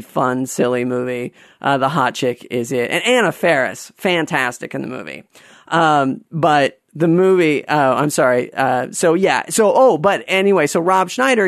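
A man hosting a casual monologue, rambling and going off on tangents, sometimes ranting with animated exasperation. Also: fairly high pitch, no echo, clean studio sound. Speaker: podcast host.

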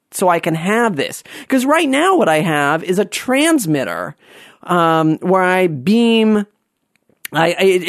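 A man hosting a casual monologue, rambling and going off on tangents, sometimes ranting with animated exasperation. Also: high-pitched, no room sound, studio quality. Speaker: podcast host.

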